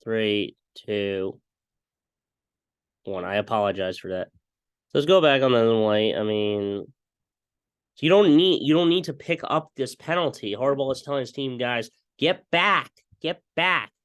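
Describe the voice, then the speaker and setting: A young man talking through football highlights in a casual play-by-play style, often breaking into excited broadcast-style calls. His voice sits in a middle range. He is recorded dry and close on a desktop mic. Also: a little slow, long pauses, clean tone, dry recording. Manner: excitable, mimics broadcast calls, repeats stock phrases. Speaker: fan video commentator.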